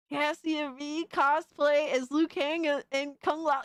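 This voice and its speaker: A young adult woman streamer doing profane, excitable reaction commentary, often shrieking in disbelief. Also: high-pitched, a little slow, few pauses, no echo.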